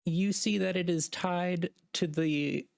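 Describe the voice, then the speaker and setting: A woman's voice: on the low side, steady tone, slow pace, gravelly, darkish tone, no echo, clean studio sound. A woman narrating a tabletop game as game master, in a hesitant way with many fillers.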